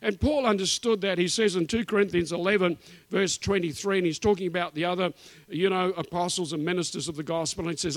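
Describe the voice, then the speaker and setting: A man preaching a sermon in a church, his voice sitting high for a man. He builds points in emphatic, repeated phrases and drops into casual asides. The sound is close and dry, with little room around it. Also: steady tone, quick pace, dry recording. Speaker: guest preacher.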